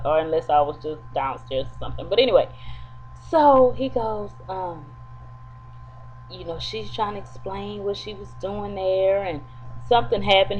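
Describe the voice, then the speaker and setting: A woman in a casual, chatty soap opera episode recap, talking straight to her viewers. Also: medium pitch. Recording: dull lo-fi with faint hum.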